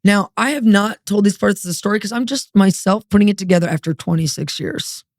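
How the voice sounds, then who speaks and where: A woman as a guest, telling her testimony in a lively, streetwise way and acting out the dialogue. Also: mid-range voice, a little fast, no echo, clean studio sound. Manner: animated, acts out dialogue, streetwise. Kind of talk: testimony storytelling.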